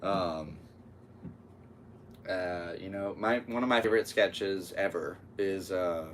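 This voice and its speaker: A young man with a very low, deep voice talks through a casual solo podcast, rambling from one thought to the next with sudden loud yelps. He sits a little back from the mic, and a faint hiss stays under his voice. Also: slow pace, recorded from a distance. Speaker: podcast host.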